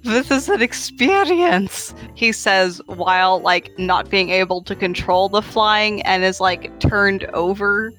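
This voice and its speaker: A woman narrating a tabletop role-playing game in a giggly, animated storytelling manner. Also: mid-range voice, a little slow, few pauses, faint music behind.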